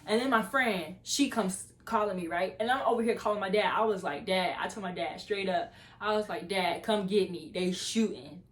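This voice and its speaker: A woman's voice: mid-range voice, brisk, a bit bright. A young woman vlogger telling a story casually and animatedly, acting out the voices of the people in it.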